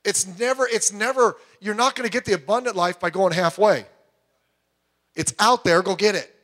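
Middle-aged male pastor with a high voice; emphatic preaching that drops to quiet asides. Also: normal speed. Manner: emphatic, swings between loud urging and quiet asides. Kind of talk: sermon.

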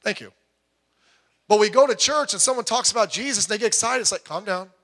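A middle-aged man preaching a sermon, emphatic, swinging between loud urging and quiet asides. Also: very high voice, racing. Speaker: pastor.

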